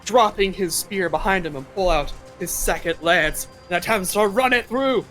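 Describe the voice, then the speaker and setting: A male player with a high, bright voice calls his attacks in a clear, matter-of-fact way. Now and then he slips into mock-old-fashioned phrasing, with soft music underneath. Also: normal speed. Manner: mock-archaic flourishes, plainly declared rolls.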